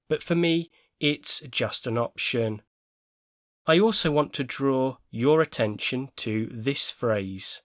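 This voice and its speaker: A male English teacher walks through a vocabulary lesson slowly, placing each word clearly and deliberately with careful stress. His pitch is ordinary, and the recording is very dry and close, with no room sound or echo.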